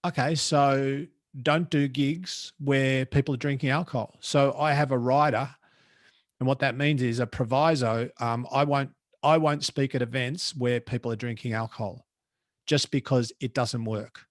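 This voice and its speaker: A man's voice: medium pitch, normal speed, no echo, clean studio sound. Blunt Australian man telling stories. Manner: blunt, colloquial, animated storyteller. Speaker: guest, professional speaker. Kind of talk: casual storytelling.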